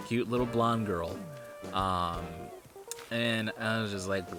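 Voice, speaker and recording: Low-voiced man chatting while gaming. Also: fairly even intonation, slow, pauses often, a bit bright. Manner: rambling, profane, loose and joking. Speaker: streamer. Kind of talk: casual gaming stream chat. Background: game music.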